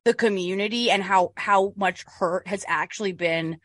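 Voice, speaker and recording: A woman's voice: mid-range voice, moderate pace, a bit bright, no echo. A woman co-hosting a podcast, chatting casually and animatedly about a true-crime case, swearing and restarting often. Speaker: podcast co-host.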